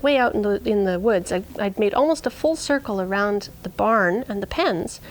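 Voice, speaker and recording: Woman storyteller, earnest personal narration, middle pitch, hushes for suspense. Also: poor audio. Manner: earnest, drops to a hush at tense moments. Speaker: storyteller and shepherd.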